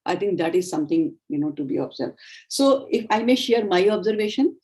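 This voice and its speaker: Indian english lady trainer, calm explaining, warm low voice. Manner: explanatory, measured, acts out sample dialogues. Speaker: communication trainer. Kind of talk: training session lecture.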